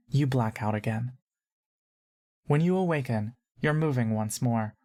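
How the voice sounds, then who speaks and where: A woman narrating a fantasy audio story in the second person, calm and measured. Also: a bass voice.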